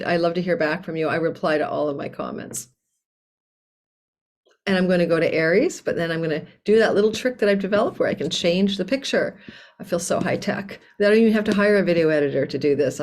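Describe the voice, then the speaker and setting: A woman with a slightly low voice hosts her own astrology channel and talks through the forecast in a loose, chatty way. She is candid and expressive and laughs easily. She records at home on a desk mic tucked under a tablecloth. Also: brisk. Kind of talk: casual astrology forecast monologue.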